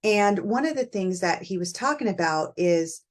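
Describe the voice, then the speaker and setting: With a medium-pitched, animated voice at normal speed, a middle-aged woman talks through her views on parenting on her own podcast. She keeps it warm and conversational, thinking aloud with frequent fillers.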